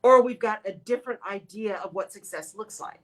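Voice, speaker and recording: A woman's voice: medium pitch, a little fast, rough recording. A woman hosting a live radio talk show, speaking expressively to her listeners and acting out her own inner voice.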